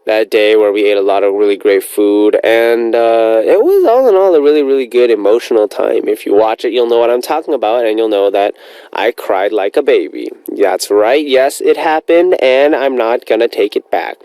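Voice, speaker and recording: A man's voice: medium pitch, lively intonation, normal speed, darkish tone, clear, resonant tone, no echo, low-quality recording. A man hosting a radio show, chatting in an upbeat, rambling way as he reads out listener messages.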